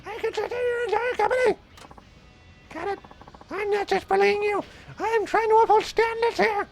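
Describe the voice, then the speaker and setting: A man voicing an entitled, demanding female taxi passenger in a creaky falsetto while reading a video game aloud. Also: fairly even intonation, moderate pace, soft background music. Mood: indignant. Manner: haughty, shrill complaints swinging up and down.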